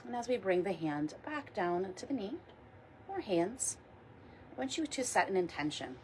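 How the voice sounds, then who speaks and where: A woman leading a guided meditation, speaking softly and slowly and repeating calm mantras. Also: mid-range voice, slight background noise, rough recording. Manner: soft, slow, reassuring, repeats mantras. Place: outdoors or near a window in wind.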